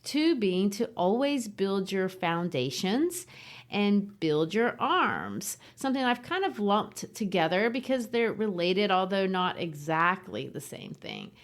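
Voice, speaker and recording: Lively woman literature podcast co-host. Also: mid-range voice, unhurried. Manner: lively, thoughtful, explaining. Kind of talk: casual literary discussion.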